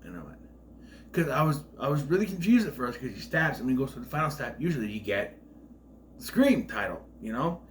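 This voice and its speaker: A man talks through a film in a loose, unscripted review, retelling scenes with blunt, profane asides. His pitch swings widely around a mid-range center. A faint hum sits behind him. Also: very animated, brisk. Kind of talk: casual spoiler review.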